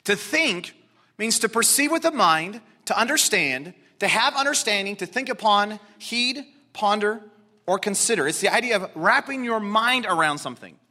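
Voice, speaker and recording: A man preaching a sermon to a congregation in an animated, emphatic way, repeating words for stress. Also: high voice, normal speed. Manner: excitable, talks directly to congregation. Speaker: pastor.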